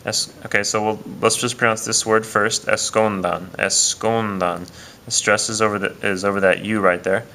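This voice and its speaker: A man's voice: fairly low pitch, level tone, a little fast, few pauses, pushed and bright, slight background noise. A man teaching a casual video lesson, explaining step by step with frequent "uh" and "um" fillers. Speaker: Spanish teacher.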